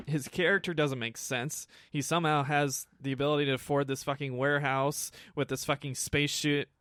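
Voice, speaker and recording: A man's voice: medium pitch, a bit bright, no room sound, clean studio sound. Profane ranting man reviewing a film. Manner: profane, ranting, laughs often. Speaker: movie review host. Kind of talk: casual film review chat.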